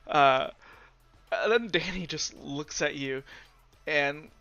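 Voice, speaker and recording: A man's voice: fairly high pitch, slow, gravelly, bright, forceful tone. A man narrating a tabletop game as game master, descriptive, with frequent fillers. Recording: dull lo-fi recording.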